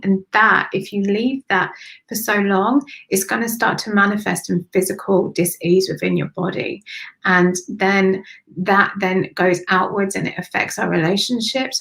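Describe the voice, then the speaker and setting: A woman's voice: mid-range voice, fairly bright tone, rough recording. A woman spiritual medium giving a live-streamed psychic reading to viewers, affectionate and repetitive, calling them darling and honey.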